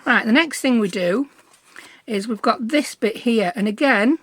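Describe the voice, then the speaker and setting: A middle-aged woman talks through a craft tutorial in a chatty, bubbly way. She pokes fun at her own clumsiness between steps. Her voice sits a little high. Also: animated, a little slow, a bit bright, dry recording. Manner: chatty, self-deprecating, bubbly asides. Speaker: craft vlogger.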